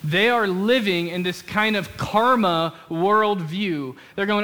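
Male pastor, bright, high voice, chatty preaching with acted quotes, church sanctuary, handheld mic. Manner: conversational preaching, quick asides and acted-out quotes. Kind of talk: sermon. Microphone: switches to a handheld mic partway.

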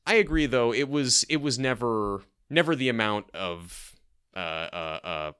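Podcast co-host, male, playful and rambling, bright clean voice. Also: mid-range voice, unhurried, clean tone. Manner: animated, joking, rambling with many restarts. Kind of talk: casual movie-review chat.

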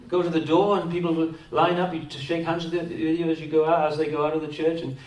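A man's voice: fairly high pitch, level tone, fairly quick, a little mellow. A man with a Welsh accent preaching a sermon as a pastor, pressing his points with repeated words and rhetorical tag questions. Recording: echoey hall, distant mic.

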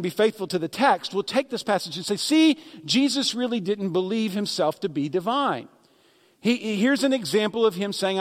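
A man's voice: high-pitched, long reverb tail. A man pastor delivering a sermon in a conversational preaching manner, with sarcastic asides, in a church sanctuary.

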